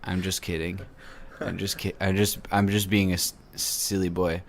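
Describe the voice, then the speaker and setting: A man's voice: low-pitched, level tone, moderate pace, gravelly, a little hiss or hum. A man hosting a casual podcast chat, joking and rambling with many restarts. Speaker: podcast host.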